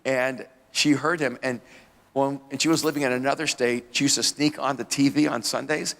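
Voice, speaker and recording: A man's voice: mid-range voice, fairly even intonation, normal speed, creaky, a bit bright, big-room sound. A man, a pastor, telling his life story as an interview guest, rambling with restarts and laughing at himself.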